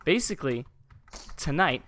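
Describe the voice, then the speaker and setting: A man's voice: a little high, very animated, moderate pace, sharp tone. A young adult man hosting a casual podcast from a room above his garage, rambling through a story with a lot of swearing. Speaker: podcast host.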